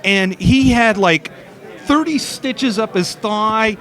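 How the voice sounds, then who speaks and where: A middle-aged man with a high, fairly bright voice speaks slowly as a guest in a casual interview at an outdoor expo, where a faint crowd can be heard. A former steeplechaser, he tells stories with many fillers and restarts.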